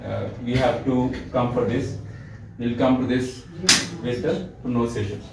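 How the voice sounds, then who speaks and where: A man's voice: mid-range voice, steady tone, unhurried, creaky, distant mic, very noisy. Man lecturing a class in an echoey room. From Pakistan. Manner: demonstrative, acts out example tones, asks class questions. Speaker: teacher.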